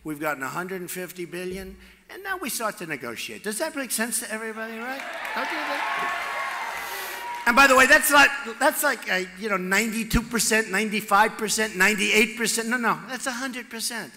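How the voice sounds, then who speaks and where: A man giving a campaign rally speech off the cuff, repetitive and boastful, swinging from loud shouts to hushed asides at a podium microphone. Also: sits high, expressive, fairly quick, noisy background. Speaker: political candidate at a rally. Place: large rally venue with crowd. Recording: echoey rally hall with long reverb.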